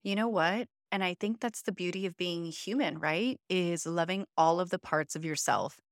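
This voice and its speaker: Woman, podcast co-host, emotional storytelling, clear tone, dry close sound. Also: fairly low pitch, normal speed, no echo. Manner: earnest, emotional, uses many fillers. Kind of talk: reflective conversational storytelling.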